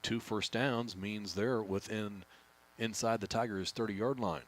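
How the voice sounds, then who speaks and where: Low-voiced man calling play-by-play. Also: measured pace. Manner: steady, speeds up on big plays. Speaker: play-by-play announcer. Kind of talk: play-by-play commentary.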